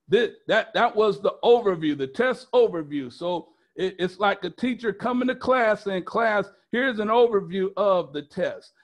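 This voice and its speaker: A man's voice: high voice, animated, moderate pace, hardly any pauses. A male pastor preaching a sermon, emphatic and repetitive, prompting the congregation with questions.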